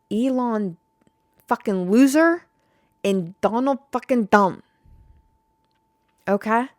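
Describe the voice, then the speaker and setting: A woman's voice: medium pitch, dry recording, clean studio sound. A young woman hosting a casual podcast, rambling and swearing freely as she vents to her listeners. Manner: rambling, profane, fired-up. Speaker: podcast host.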